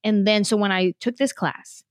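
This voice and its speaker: A woman comedian from San Jose tells stories in a quick, animated way, with her pitch sitting in the middle of the range. The recording is very dry and close, with no room sound. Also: no echo. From San Jose, California, US. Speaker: comedian guest. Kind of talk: casual interview storytelling.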